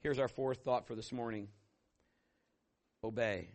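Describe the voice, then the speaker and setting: A middle-aged man preaching a sermon as pastor, telling stories and acting out voices with sudden loud bursts. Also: medium pitch, fairly even intonation, a little slow.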